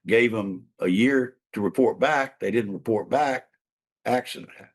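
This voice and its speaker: Speaking at a moderate pace in a lowish voice, an older man who works as a trial lawyer and mediator recounts a lengthy case in a casual interview. He rambles, using fillers and starting sentences over.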